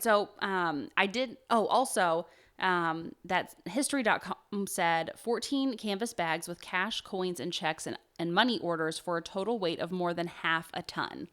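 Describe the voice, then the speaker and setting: A woman's voice: on the low side, a little slow, fairly bright tone. A woman co-hosting a casual true crime podcast, chatty and jokey, with lots of "um" and "like" as she reads quotes and figures from her notes. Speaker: podcast co-host telling a true crime story.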